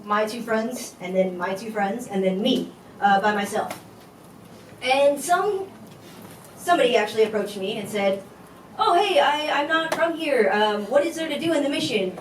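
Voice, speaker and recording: A woman giving a candid, conversational talk on stage, telling a personal story with casual fillers. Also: medium pitch. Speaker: conference speaker. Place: event hall at a tech company. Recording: echoey hall from far off, faint noise.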